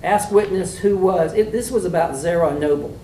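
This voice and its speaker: A man with a fairly high voice gives students folksy, plainspoken feedback, full of "uh"s and "um"s, in the manner of a mock trial judge. He sounds far from the mic, in a roomy, echoey space with a faint hiss of room noise. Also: normal speed, mellow. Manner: folksy, plainspoken, with many fillers. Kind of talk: spoken critique to students.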